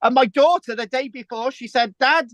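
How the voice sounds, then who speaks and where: A man's voice: extremely high pitch, moderate pace, fairly bright tone, no room sound. Rambling chatty man, dry close sound. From England. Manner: rambling storyteller, repeats words and says "right?". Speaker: host. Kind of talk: casual chat.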